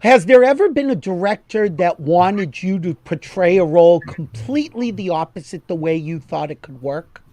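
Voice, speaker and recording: A man's voice: high voice, animated, moderate pace, few pauses, dark tone, no echo. A man hosting an interview, encouraging his guest with short prompts. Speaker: talk show host. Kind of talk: interview host.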